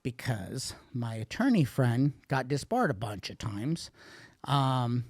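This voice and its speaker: A man's voice: mid-range voice, very animated, slow, darkish tone, dry recording. Guy on a podcast telling his recovery story, cursing a lot, blunt and rambly, dry close mic. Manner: profane, blunt, rambling with restarts. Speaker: podcast guest. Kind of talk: candid storytelling about addiction and recovery.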